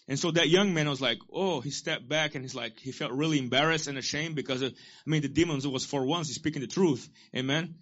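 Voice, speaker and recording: A man's voice: fairly high pitch, a little fast, a bit bright, highs cut off. A man preaching a sermon as pastor, exhorting his listeners and repeating key lines for them to say back.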